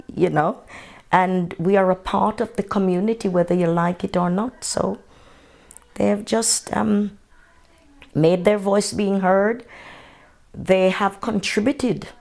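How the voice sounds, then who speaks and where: Gravelly older Jamaican woman recalling the past. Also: mid-range voice. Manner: unhurried storytelling, steady and matter-of-fact. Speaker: interviewee. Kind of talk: oral history interview.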